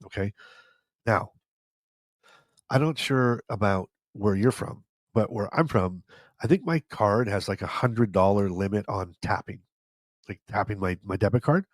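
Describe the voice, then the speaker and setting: A man's voice: on the low side, unhurried, pauses often, dry recording. A man hosting a podcast, telling stories in a casual, joking, self-deprecating way with a stuffy nose. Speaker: podcast host. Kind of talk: casual storytelling monologue.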